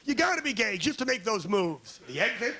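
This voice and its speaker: Brash high-voiced American comedian. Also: male voice, big pitch swings, fairly quick, very noisy. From United States. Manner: brash, crude, riffing with the crowd. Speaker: stand-up comedian. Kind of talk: stand-up routine. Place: comedy club stage.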